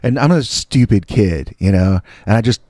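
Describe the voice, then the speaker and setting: A middle-aged man tells a story about his youth in a loose, casual way, doubling back on his words and making fun of himself. His voice sits on the low side. It is recorded close and dry, with little room sound. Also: expressive, normal speed, mellow, no echo. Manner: rambling, self-mocking, many restarts. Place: indoors.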